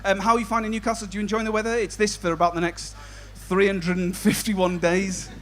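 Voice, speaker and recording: A man's voice: high-pitched, little pitch movement, a little fast. Chatty young male comedy compere. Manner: chatty, self-mocking, loud announcing. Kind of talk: stand-up crowd work. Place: outdoor tent at a live gig.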